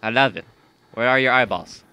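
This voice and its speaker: A young man giving jumpy, profane commentary while playing a horror game, yelping and shouting when startled. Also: mid-range voice, fairly quick, a little hiss or hum. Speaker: gaming YouTuber. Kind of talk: horror let's-play commentary. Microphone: gaming mic with headphones.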